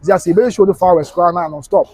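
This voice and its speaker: A man's voice: sits high, quick pace, darkish tone, dry recording. Chatty Ghanaian man on a live stream. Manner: chatty, breaks into singing snatches, laughs often. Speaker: live stream host reading comments. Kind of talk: casual live chat, mixing English and Twi.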